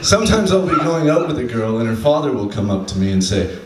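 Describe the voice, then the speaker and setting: Deadpan male stand-up in an echoey club. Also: medium pitch, fast, few pauses. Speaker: stand-up comedian. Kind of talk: stand-up comedy set. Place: comedy club stage. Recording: echoey room from a distant mic, faint ambience.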